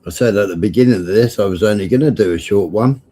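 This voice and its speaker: A man's voice: fairly low pitch, quick pace, dark tone, slightly rough. A man hosting a casual livestream, blunt and sweary with teasing banter. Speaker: livestream host.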